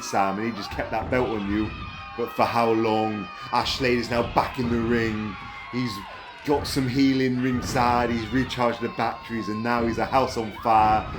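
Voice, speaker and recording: A man calling a wrestling match play by play, excitable and breaking into high yelps at big moves. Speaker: wrestling commentator. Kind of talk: play-by-play commentary. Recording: commentary over loud music.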